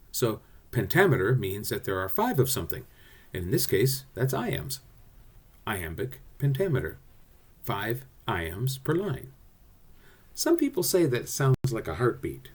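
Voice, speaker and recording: A man teaching a recorded drama lesson, explaining verse in an expressive way. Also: on the low side, slightly rough.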